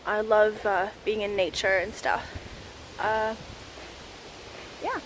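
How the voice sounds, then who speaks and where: This Canadian woman vlogs casually while hiking through the woods, breathless and rambling, full of filler words. She speaks slowly with a medium pitch and a steady tone, and there's faint outdoor noise behind her.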